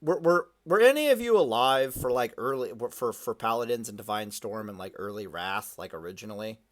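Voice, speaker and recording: A man hosting a laid-back gaming podcast, talking at a middle pitch in loose, rambling chat. He swears often and trips over his own sentences. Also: expressive, a little fast. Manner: profane, rambling, lots of restarts. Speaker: podcast host.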